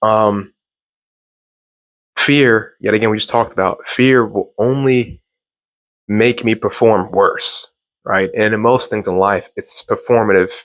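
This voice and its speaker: A man's voice: on the low side, fairly even intonation, slow, long pauses, a bit bright, no echo. A young man from Louisiana hosting a self-improvement talk, telling a personal story in a rambling, casual way with restarts and laughs.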